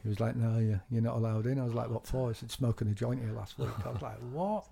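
A man's voice: medium pitch, fast talker, vocal fry, breathy edge. Chatty middle-aged man. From England. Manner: animated, laughs often, swears. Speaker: DJ guest. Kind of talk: casual storytelling interview.

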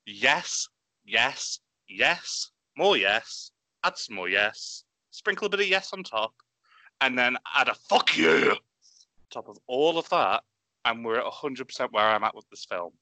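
Excitable podcaster, bright and punchy, dry close mic. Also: male voice, mid-range voice, measured pace, no room sound. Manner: excitable, swearing, animated. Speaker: podcast co-host. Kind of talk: enthusiastic casual chat.

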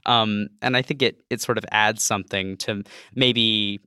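A man with a bright, crisp voice and a low pitch asks a group about a film over a video call. He talks hesitantly and uses many fillers, and his voice is recorded dry. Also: fairly even intonation, measured pace, no echo. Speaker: podcast panelist.

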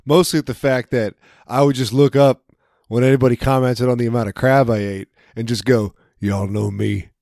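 A man's voice: medium pitch, fairly even intonation, a little fast, a little mellow, no echo, studio quality. A man chatting casually as a podcast co-host, telling rambling, jokey stories with lots of restarts. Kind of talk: casual chat.

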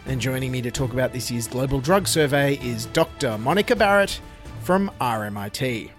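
A man with an Australian accent hosting a satirical news show, delivering sarcastic deadpan jokes. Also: medium pitch, normal speed, soft background music. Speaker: comedy news host.

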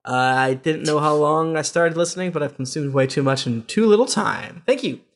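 A man with a fairly high voice reads listener reviews aloud on a podcast. His delivery is casual and relaxed, with small joking asides between the quotes. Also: normal speed. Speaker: podcast host.

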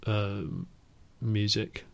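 A man's voice: on the low side, level tone, very slow, creaky. A British man co-hosting a podcast, chatting playfully and laughing often. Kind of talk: casual chat.

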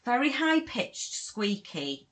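A woman's voice: fairly high pitch, slow pace, a little hiss or hum. Chatty young woman. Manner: animated anecdote telling, self-deprecating. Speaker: podcast co-host. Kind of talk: casual chat, storytelling.

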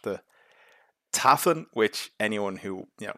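A young man hosts a casual film talk, blunt and sarcastic, full of restarts and asides. His voice sits low, and the recording is dry and close with no room sound. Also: normal speed, fairly bright tone, dry recording. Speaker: host.

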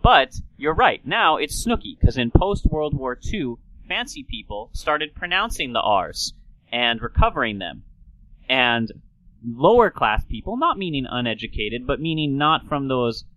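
A man's voice: mid-range voice, big pitch swings, measured pace, pushed and bright, no room sound, low-quality recording. A man hosting a casual talk show, explaining things in a playful, lecturing way. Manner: lecturing, playful, slips into old-timey announcer voice. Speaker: podcast host.

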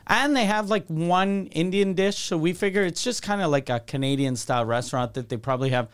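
A comedian co-hosting a podcast, chatting casually and dropping dry one-liners. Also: male voice, a little high, brisk, smooth.

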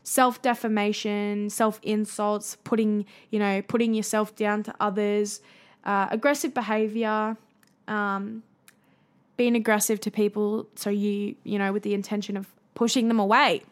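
A woman's voice: mid-range voice, little pitch movement, unhurried. A young adult woman hosting a solo podcast, earnest and encouraging, with frequent fillers. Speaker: podcast host.

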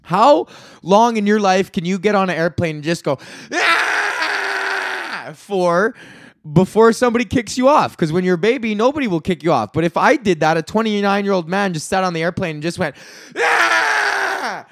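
Guy in his 30s ranting on his podcast, high voice, dry close mic. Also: brisk, no room sound. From Canada. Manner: profane, animated ranting with rhetorical questions. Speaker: comedian podcast host. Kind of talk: solo comedic rant.

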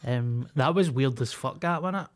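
A man's voice: mid-range voice, moderate pace. A man co-hosting a podcast, laid-back and agreeable with coarse language. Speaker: podcast co-host. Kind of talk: casual chat.

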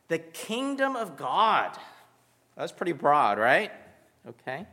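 A man's voice: on the high side, huge pitch swings, slow pace, long pauses, pushed and bright. A man giving a conversational sermon with self-deprecating humor, from the United States. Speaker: pastor. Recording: reverberant hall.

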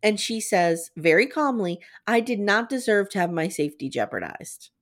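Woman, podcast co-host, casual recap chat, animated pitch, quotes scenes with asides. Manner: retells scenes with quoted lines, quick asides.

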